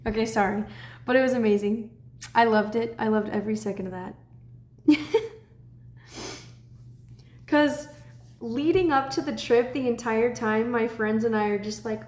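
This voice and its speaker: A woman's voice: a little high, normal speed, echoey room. A woman, chatting casually on a livestream and laughing often. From Texas. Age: 20s. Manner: chatty, laughs often, breaks into excited shouts. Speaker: livestream host.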